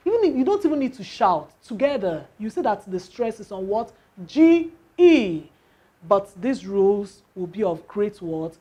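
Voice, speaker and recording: A woman's voice: medium pitch, a little mellow. A woman teaching a lesson on word stress, spelling out letters and asking the class rhetorical questions.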